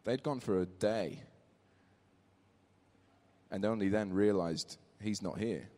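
A man's voice: fairly low pitch, takes it slowly, dark tone. A man giving a conversational sermon in church, telling a family story and reading scripture aloud. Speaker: preacher. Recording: reverberant church hall.

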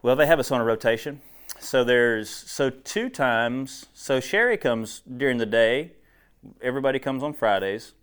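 A man's voice: mid-range voice, normal speed, fairly bright tone, clean tone. Male preacher, folksy and joking, casual talk to a small group, lapel mic. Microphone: clip-on wire mic.

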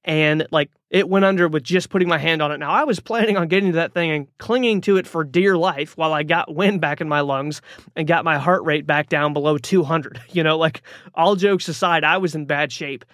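A man's voice: fairly high pitch, fairly quick, fairly bright tone, dry recording, studio quality. A man hosting a podcast, telling a personal story in a motivational monologue, talking casually with lots of fillers and restarts. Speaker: podcast host.

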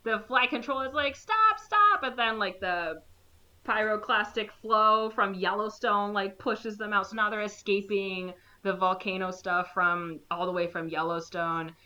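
A woman co-hosting a podcast recaps a movie in casual chat, her medium-pitched voice bright and animated. She acts out the characters with quick quoted lines, and the lo-fi recording sounds slightly dull.

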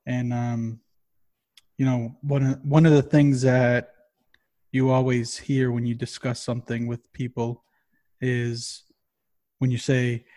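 A man co-hosting a podcast in casual chat, rambling and swearing constantly in an animated way. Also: mid-range voice. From Massachusetts. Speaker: podcast co-host.

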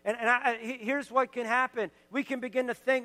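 Pastor, male, very high and bright, earnest exhorting sermon delivery, long hall reverb from the church sanctuary. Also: steady tone, a little fast. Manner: earnest, exhorting, building to emphatic declarations.

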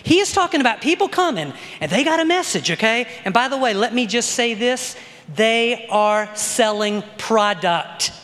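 High-voiced preaching man in a reverberant hall. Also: animated, a little fast, few pauses, a bit bright. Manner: conversational preaching with frequent "okay?" tag questions. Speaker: pastor. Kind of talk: sermon.

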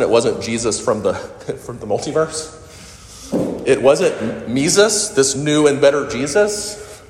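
Male pastor mid-sermon, conversational and playful, medium pitch, recorded in a reverberant hall. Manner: animated, conversational, with quips and laughs. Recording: echoey hall with long reverb.

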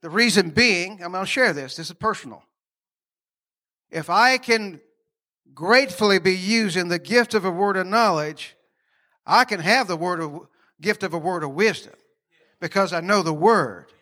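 High, forceful preacher man. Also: moderate pace. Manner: folksy and conversational, with laughing asides; asks the congregation questions. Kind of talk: sermon.

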